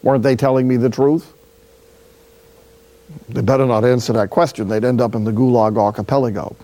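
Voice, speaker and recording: A friar from City, preaching a sermon through a lively personal story with acted-out dialogue. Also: male voice, medium pitch, brisk. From Jersey City, New Jersey.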